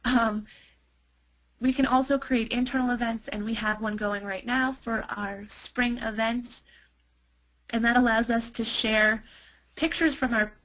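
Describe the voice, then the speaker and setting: A woman's voice: on the high side, fairly even intonation, measured pace, fairly bright tone, low-quality recording. A woman presenting a webinar product demo as a marketer, chatty, with many fillers and restarts.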